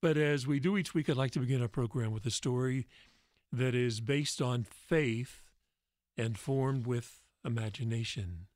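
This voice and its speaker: A priest hosting a religious call-in radio show, speaking in a gentle, reflective way with pauses. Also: male voice, mid-range voice, dry recording, studio quality.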